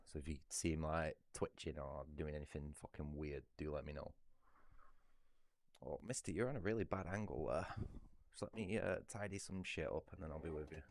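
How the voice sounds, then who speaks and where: A man's voice: rumbling low, steady tone, a little fast, gravelly. A British man chatting casually on a livestream, rambling and swearing freely.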